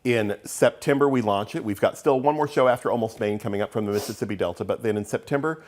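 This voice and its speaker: A man's voice: on the low side, fast, a little mellow. A man, a theatre's artistic director, guesting in a TV studio interview, good-humored and upbeat as he runs through a season.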